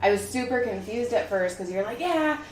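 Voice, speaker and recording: A woman hosting a podcast in casual chat, bubbly and animated, often laughing. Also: mid-range voice, fairly quick. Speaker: podcast host. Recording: roomy with faint noise.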